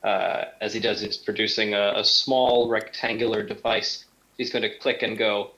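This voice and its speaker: A man's voice: lowish voice, level tone, normal speed, pushed and bright, lo-fi sound, slight background noise. A man playing a tabletop game, narrating his character's actions in a loose, plain way. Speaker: player. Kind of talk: casual tabletop role-play.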